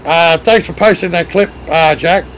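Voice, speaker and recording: A fairly high, fairly bright male voice at a moderate pace belongs to an Australian streamer leading a truck convoy in a live game. He chats casually with friends and reads and answers viewer comments while driving, over poor audio with a little hiss or hum.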